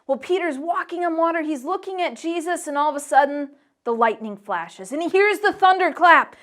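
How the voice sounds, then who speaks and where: A woman teaching a children's Bible lesson in a church, animated and playful as she tells the story to the kids. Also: high-pitched, normal speed.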